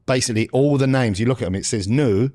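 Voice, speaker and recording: A man's voice: medium pitch, fast, dark tone, no room sound, studio quality. A man co-hosting a podcast, laddish and confident, calling everyone mate. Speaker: podcast co-host. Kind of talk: casual chat.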